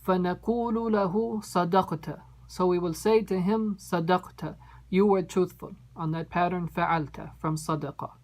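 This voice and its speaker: A woman's voice: on the low side, steady tone, racing, darkish tone, low-quality recording. A woman teaching an Arabic text, reading each phrase and then translating it word by word and explaining its grammar. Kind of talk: line-by-line text translation lesson.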